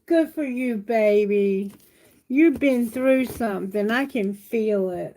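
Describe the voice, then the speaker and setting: A woman's voice: fairly high pitch, slow, dark tone, slight background noise, low-quality recording. A woman giving a live tarot reading, soothing and repeating reassurances to her viewers. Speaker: tarot reader.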